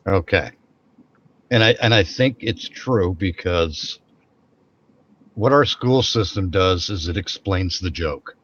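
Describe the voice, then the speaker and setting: A man's voice: low-pitched, lively intonation, slow, pauses often, a bit bright, highs cut off. A man co-hosting a podcast in casual chat, rambling, repeating and restarting his phrases as he goes. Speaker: podcast co-host.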